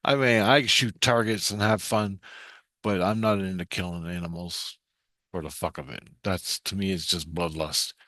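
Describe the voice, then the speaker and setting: Excitable, foul-mouthed man rambling a story. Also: low-pitched, moderate pace, dry recording, clean studio sound. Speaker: vlogger recounting a vision. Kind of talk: rambling spoken monologue.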